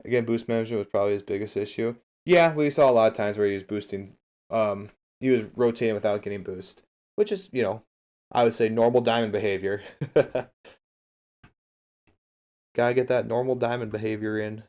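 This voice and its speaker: A man's voice: lowish voice, fairly quick, a little mellow. Chatty man coaching over a livestream. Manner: chatty, talks straight to his viewers and answers chat. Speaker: streamer and game coach. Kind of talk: casual livestream replay analysis.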